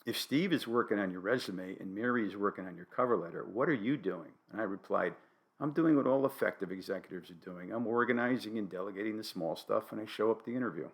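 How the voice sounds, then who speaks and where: Dry-humored older Connecticut man, low voice. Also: quick pace. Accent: Connecticut, New England. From New Haven, Connecticut. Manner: dry, wry humor with deadpan asides. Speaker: podcast host. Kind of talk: solo monologue podcast.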